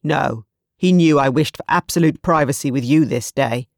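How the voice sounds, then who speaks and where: A storybook narrator voicing a fierce, protective young husband who speaks firmly and grimly. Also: male voice, medium pitch, moderate pace, vocal fry, no echo, clean studio sound, natural voice. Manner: firm, grim, commanding.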